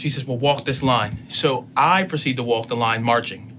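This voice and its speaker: Guy telling his own story, animated, does the other voices too, noisy background. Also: mid-range voice, a little fast. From United States. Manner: animated retelling, acts out both sides of dialogue. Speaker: podcast guest. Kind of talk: personal storytelling.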